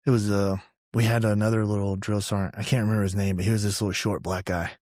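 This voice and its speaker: A man's voice: fairly low pitch, flat delivery, fast talker, darkish tone, dry recording, studio quality. A man from Georgia in his thirties, an army veteran guest telling stories in a laid-back, profane way and laughing often. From Georgia, USA. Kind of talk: casual interview storytelling.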